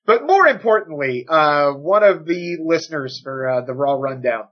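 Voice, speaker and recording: Husky, animated podcast co-host. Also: male voice, fairly high pitch, moderate pace, muffled recording. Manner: animated, swearing, joking. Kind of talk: casual chat.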